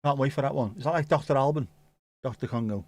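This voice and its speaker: A man's voice: medium pitch, fast talker, a little mellow, no echo. A man casually commenting on a football match for a live watchalong, joking and reading out viewer comments. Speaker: watchalong host.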